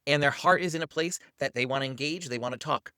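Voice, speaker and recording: A man's voice: a little high, fast talker, bright, forceful tone, clear, resonant tone, no room sound, studio quality. A man hosting a parenting channel, teaching to camera in an upbeat coaching manner and acting out what to say to a child.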